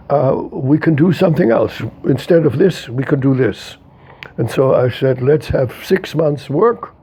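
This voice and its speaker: Gravelly, emphatic man in his eighties. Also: mid-range voice, dark tone, lo-fi sound. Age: 80s. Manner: emphatic and repetitive, openly emotional. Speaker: interviewee, philosopher. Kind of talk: reflective interview talk.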